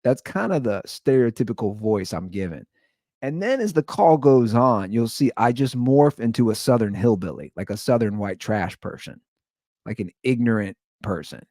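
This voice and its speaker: A male podcast host talking casually and rambling through a story. His voice swings widely in pitch as he tells it, and the sound is close and dry with no room echo. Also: expressive, normal speed, a little mellow. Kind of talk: casual monologue.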